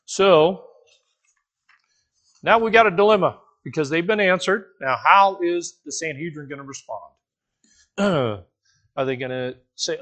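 A man, teaching a Bible passage to his congregation in a casual, animated sermon, asking the listeners questions and joking as he goes. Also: fairly high pitch, unhurried, pauses often. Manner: casual, animated, asks the listeners questions, jokes, restarts often. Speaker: pastor teaching a Bible study. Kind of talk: conversational sermon.

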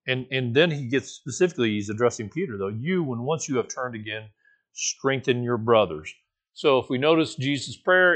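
Conversational preacher man, informal and animated. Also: medium pitch. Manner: informal and animated, with playful asides and light laughs. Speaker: pastor teaching a Bible study. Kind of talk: conversational sermon.

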